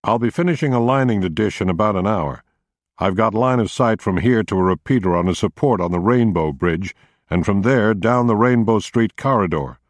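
A man plays a wry male tinkerer who stays calm around the police. He speaks in an offhand, easygoing way, a little higher than a low baritone, and the sound is dry and close. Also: normal speed, dry recording, close to an everyday voice.

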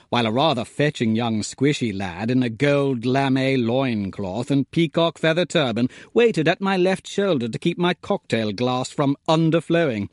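A man's voice: on the high side, no echo, studio quality. A man narrating a comic first-person story in an arch, playfully wordy manner. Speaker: audiobook narrator.

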